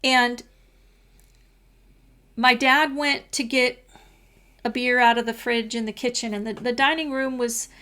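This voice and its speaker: Casting: rambling, story-telling podcast co-host in her 60s, woman, slightly high voice. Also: steady tone, measured pace, pauses often, bright, forceful tone. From California. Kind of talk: casual chat.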